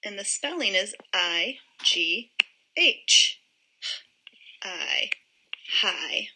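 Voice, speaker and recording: A woman teaching a phonics lesson to young children, modelling each word sound slowly and clearly. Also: mid-range voice, expressive, pushed and bright, low-quality recording.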